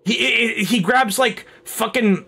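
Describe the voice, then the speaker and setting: A young man on a casual gaming stream, telling stories and reacting with swearing, shouts and laughter. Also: very high-pitched, slow, vocal fry, husky. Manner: animated, profane, bursts into shouts and laughter.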